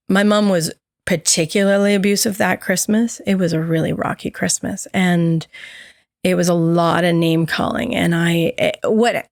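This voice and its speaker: A woman's voice: on the low side, gravelly, no room sound, studio quality. A woman co-hosting a podcast, candidly telling a personal story and acting out the voices of others in it. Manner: candid, animated, acts out quoted dialogue. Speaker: podcast co-host.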